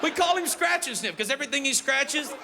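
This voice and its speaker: A middle-aged man doing stand-up comedy, animated and dropping Spanish phrases into English, swinging from shouts to a hush. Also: very high-pitched, fairly quick. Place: comedy stage before live audience. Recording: live club, crowd laughter and noise.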